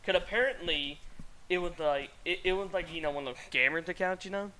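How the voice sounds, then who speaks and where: A man's voice: sits high, a little fast, bright, forceful tone, a little hiss or hum. A man hosting a casual streamed podcast, telling a rambling story with frequent laughter. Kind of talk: casual chat.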